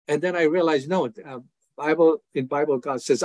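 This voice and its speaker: With a fairly high, fairly even voice and a slightly quick pace, an older Iranian ministry founder gives his testimony as an interview guest, with no echo in the audio. He's earnest and emphatic, raising his voice to act out his prayers and responses.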